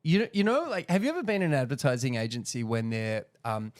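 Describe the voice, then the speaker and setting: A man's voice: mid-range voice, animated, fast. Chatty male podcast co-host. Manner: chatty, frequent yeahs and restarts. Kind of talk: casual chat.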